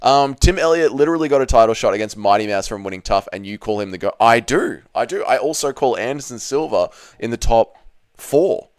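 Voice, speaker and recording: A man's voice: mid-range voice, expressive, fairly quick, no echo, studio quality. A man from Australia with an Australian accent, casually reading chat and bantering with viewers on a live stream. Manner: banters with viewers, swears freely.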